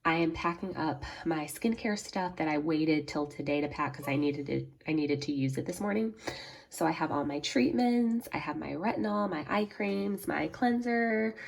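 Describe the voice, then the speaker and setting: A young woman talks casually to her camera, her voice sitting low with a gravelly fry. She rambles in a chatty way, leaning on likes and ums. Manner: chatty, filler-heavy. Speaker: vlogger. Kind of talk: casual vlog chat.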